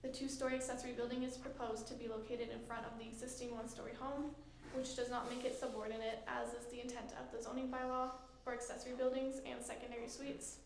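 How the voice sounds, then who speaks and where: A woman planner reads a staff report in a fairly high, very even voice. She is measured and procedural. The sound is echoey, like a council chamber, with faint background noise. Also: creaky. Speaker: municipal planner presenting a report. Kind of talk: formal reading of a staff report.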